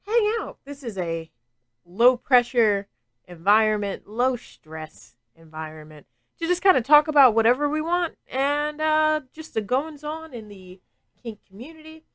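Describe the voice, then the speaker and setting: A woman's voice: on the high side, very animated, measured pace, a bit bright, low-quality recording. Chatty woman podcast host. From New England. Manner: chatty, laughs often, frank and profane. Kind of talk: casual podcast chat.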